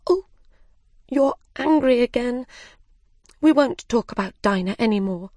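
A woman's voice: unhurried, no echo, clean studio sound. A woman voicing Alice, a curious and polite little girl, in a storybook reading. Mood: eager, apologetic. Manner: high, excitable and apologetic.

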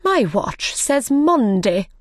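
A prickly, fussy male hatter from a storybook, with slow, drawn-out speech, as a woman reading aloud puts him on. He sits a few notes above the reader's own voice. The recording is dry and close. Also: fairly high pitch, big pitch swings, no room sound, pitched above the performer's own voice, full character voice. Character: fussy, rude grown male hatter at a tea party.

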